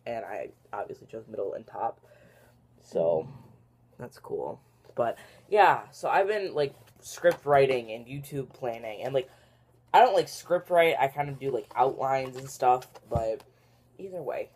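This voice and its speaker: A young vlogger chatting casually on camera in a daily vlog, rambling and filling every pause with "like" and "literally". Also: mid-range voice, animated, darkish tone, breathy edge. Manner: rambling, filler-heavy, says "like" and "literally" a lot.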